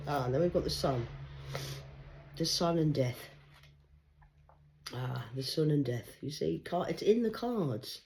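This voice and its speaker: A woman, reading tarot cards in a rambling livestream monologue, swinging between loud urgency and hushed murmurs. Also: deep voice, expressive, a little slow, gravelly, long pauses. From England. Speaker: tarot card reader.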